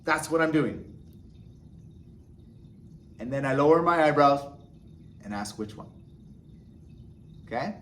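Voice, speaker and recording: A man with a fairly high-pitched voice explains signs to learners one step at a time. He talks patiently and pauses often to check in with a quick "okay?" before moving on. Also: animated, fairly bright tone, slight background noise. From United States. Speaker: sign language teacher. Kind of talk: instructional explanation.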